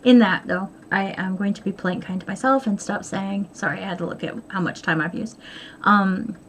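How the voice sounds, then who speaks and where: A woman's voice: mid-range voice, brisk, a bit bright, a little hiss or hum. A middle-aged woman chatting candidly to camera in her home sewing room, rambling and poking fun at herself. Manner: candid, rambling, self-deprecating. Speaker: vlogger. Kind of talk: casual chat.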